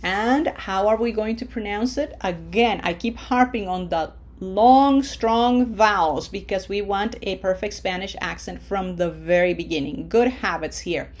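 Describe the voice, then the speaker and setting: A woman with a medium-pitched voice teaches Spanish in a recorded online lesson. She takes the rules step by step with patience and slows her speech to model words.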